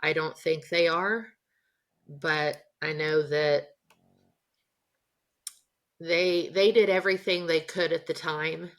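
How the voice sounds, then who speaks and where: A woman's voice: low-pitched, steady tone, takes it slowly, long pauses. A middle-aged woman, a guest author in an interview, who speaks in a hesitant and reflective way.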